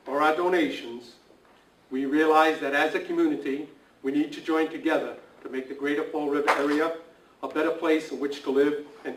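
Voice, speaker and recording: Civic club member delivering a formal dedication address; reverberant, far-off recording. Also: male voice, on the high side, a little hiss or hum. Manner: formal, reading out a prepared address. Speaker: civic club representative presenting flags. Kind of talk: formal prepared speech. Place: indoor building dedication event. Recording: echoey, distant recording with faint ambience.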